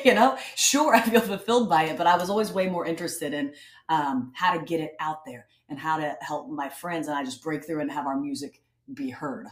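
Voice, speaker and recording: A woman's voice: low-pitched, moderate pace. A woman speaking as a podcast guest, talking earnestly and reflectively, often restarting her sentences. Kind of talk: casual interview talk. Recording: roomy echo.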